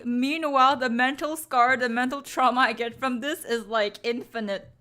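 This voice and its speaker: A woman's voice: high-pitched, steady tone, moderate pace, bright, forceful tone. A woman chatting casually on a stream, pleading and groaning with exaggerated drama to her viewers. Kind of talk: casual live-stream chat.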